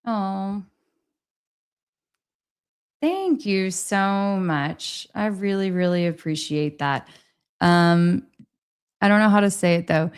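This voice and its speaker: Woman, livestream host, slow, hesitant. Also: medium pitch, clear, resonant tone. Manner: rambling, hesitant, with many restarts. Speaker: livestream host reading chat. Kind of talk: casual livestream chat.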